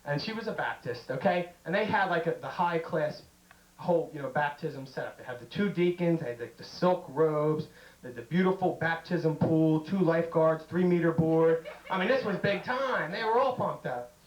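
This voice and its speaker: A man with a high voice works through a stand-up set, spinning jokey stories and jumping into raised voices to act out each scene. The sound carries the ring of an echoey room. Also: normal speed. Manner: jokey storytelling, acting out bits in raised voices. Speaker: stand-up comedian. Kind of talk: stand-up comedy routine. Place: comedy stage.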